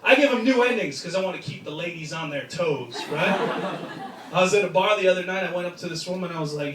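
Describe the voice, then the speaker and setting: A brash man performs a crude stand-up set, his voice sitting fairly high as he mocks and jabs through punchlines. He is recorded from a distance in a roomy club, with loud crowd laughter rolling around him. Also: animated, fast talker, background noise. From United States. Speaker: stand-up comedian. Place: comedy club stage before a live crowd.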